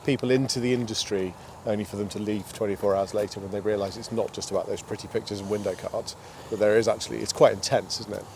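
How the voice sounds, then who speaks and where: A man's voice: on the low side, steady tone, quick pace, hardly any pauses, darkish tone. A man hosting an outdoor interview, asking long, musing questions with chatty asides. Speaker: podcast host. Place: outdoors by a towpath with passing traffic. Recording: outdoor recording with faint street noise.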